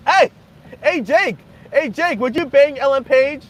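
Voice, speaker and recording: A young man hosting a casual livestream, joking crudely and half-yelling to be heard over loud background noise. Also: very high-pitched, expressive, unhurried. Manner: crude joking, frequent laughter. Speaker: livestream host. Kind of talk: casual livestream chat with viewers.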